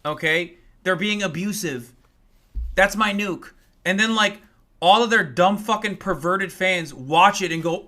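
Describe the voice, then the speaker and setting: High, bright-voiced man ranting angrily. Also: a little slow. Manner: angry, profane, sarcastic ranting; mocks critics in exaggerated voices. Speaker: political commentator and Twitch streamer. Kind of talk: livestream rant.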